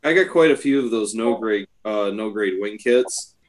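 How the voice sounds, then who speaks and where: A man's voice: on the low side, normal speed. A man chatting casually, telling self-mocking stories about his hobby. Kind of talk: casual chat.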